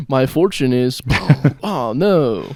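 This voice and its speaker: A young man co-hosting a podcast, trading crude deadpan jokes with frequent laughter. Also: mid-range voice, very slow. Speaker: podcast co-host. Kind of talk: casual comedic podcast banter.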